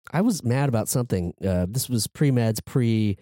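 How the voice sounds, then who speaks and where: A man's voice: medium pitch, expressive, measured pace, mellow, no room sound, clean studio sound. A man co-hosting a podcast, telling a rambling story in casual chat with lots of fillers and restarts. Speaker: podcast co-host.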